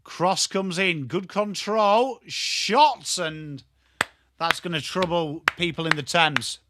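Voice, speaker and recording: A man with a strong Yorkshire accent giving live football watchalong commentary, excitable and sweary, chatting to viewers by name. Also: sits high, slow pace. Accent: Yorkshire English. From Yorkshire, England. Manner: excitable, sweary banter addressed to chat viewers. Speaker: watchalong streamer.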